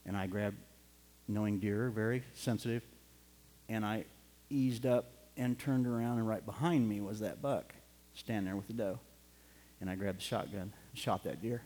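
A man's voice: lowish voice, a little mellow. A middle-aged man preaching a sermon, telling a personal story in an earnest way and building to fervent urging. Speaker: pastor. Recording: long hall reverb.

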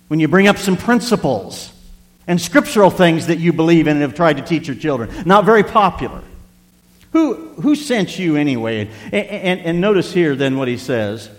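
Middle-aged preacher guy, bit high voice, emphatic sermon, lots of repeats, echo from a big hall. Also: big pitch swings, moderate pace, fairly bright tone. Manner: emphatic preaching, repeats words, reads scripture aloud. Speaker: pastor.

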